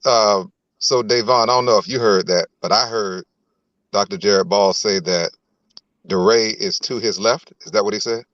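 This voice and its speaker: A man's voice: lowish voice, moderate pace, a bit bright, dry recording, lo-fi sound. A man co-hosting a podcast who teases the others in casual banter.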